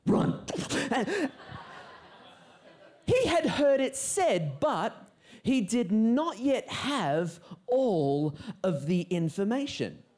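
A preacher giving a humorous, animated sermon to a live church audience, dropping to a quiet voice for emphasis. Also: medium pitch, very slow.

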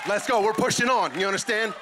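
A man giving an impassioned testimony at church, emphatic and repeating lines as he builds to shouts. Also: high-pitched, fast, crowd noise, noisy background.

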